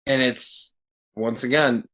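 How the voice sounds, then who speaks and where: A man as a podcast guest, talking in casual chat and sounding exasperated, swearing freely and getting animated. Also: medium pitch, slow pace.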